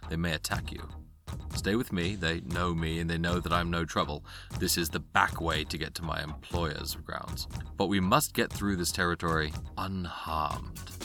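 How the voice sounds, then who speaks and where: A man voicing a cautious male guide who speaks low and hushed. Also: exaggerated voice. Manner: hushed, low, careful speech.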